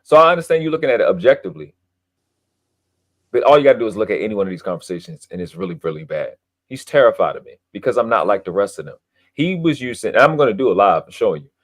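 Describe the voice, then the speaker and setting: A man's voice: fairly low pitch, lively intonation, quick pace. A man talking in a heated, casual podcast conversation, boastful and emphatic, with lots of swearing. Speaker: podcast guest. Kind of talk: heated casual debate talk.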